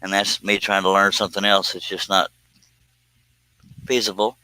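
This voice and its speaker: A low-pitched man with a drawl chats to viewers of his woodworking live stream. He is folksy and self-mocking, and his voice has a bright, forward edge. The dry, close sound suggests a mic right in front of him in a home workshop. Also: level tone, moderate pace, smooth, no echo. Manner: folksy, joking, reads viewer comments aloud. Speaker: woodworking livestream host. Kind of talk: casual live stream chat.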